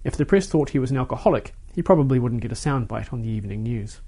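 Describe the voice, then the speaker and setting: A man narrates a short story at a steady, measured pace. His voice sits in a middle pitch, and he tells the story plainly and evenly. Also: husky.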